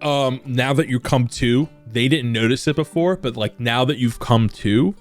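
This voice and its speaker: A man's voice: mid-range voice, unhurried, soft background music. Rambling male game master. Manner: rambling, descriptive, animated. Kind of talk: narrating a tabletop game.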